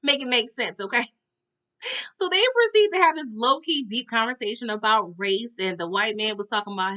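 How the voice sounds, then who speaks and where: A woman giving a casual TV episode recap, animated and slangy, often checking in with "okay?" and "y'all". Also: fairly high pitch, a little fast, dull audio. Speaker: TV recap reviewer.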